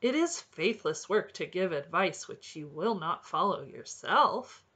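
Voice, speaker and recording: A woman voicing a cheerful, earnest little male robin who speaks in a bright and encouraging way. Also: on the low side, lively intonation, measured pace, breathy edge, exaggerated voice. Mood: cheery, earnest.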